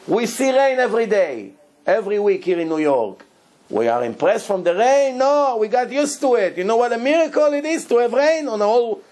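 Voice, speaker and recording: A man, a rabbi, giving a Torah lesson in animated, broken English and acting out quotes. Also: extremely high pitch. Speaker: rabbi teaching a Torah class.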